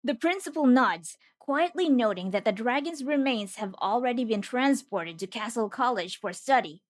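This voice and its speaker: A woman's voice: on the high side, expressive, moderate pace, no echo. A woman narrating a scripted anime recap with jokey, wisecracking asides.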